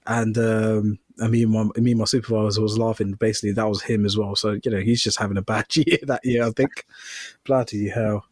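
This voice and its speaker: A man's voice: lowish voice, level tone, brisk, no echo, clean studio sound. A man, co-hosting a podcast and telling a work story in casual chat, acting out the quoted lines with laughter. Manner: storytelling, acts out quoted dialogue with swearing and laughter. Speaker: podcast co-host.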